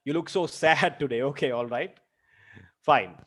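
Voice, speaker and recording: This online literature lecturer speaks at medium pitch, a little slowly, with a slightly bright yet husky voice. He explains terms, revisits examples more than once, and addresses students with direct questions.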